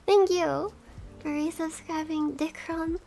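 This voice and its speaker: High-voiced giggly woman streamer. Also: vocal fry, mellow. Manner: giggly, thanks subscribers one by one. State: has the hiccups. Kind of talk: casual livestream chat.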